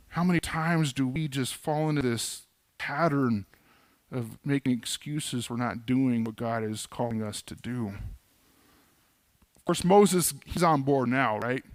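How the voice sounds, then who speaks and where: A man's voice: medium pitch, measured pace, dry recording. A man preaching a sermon as a pastor in a church, conversational with casual humorous asides.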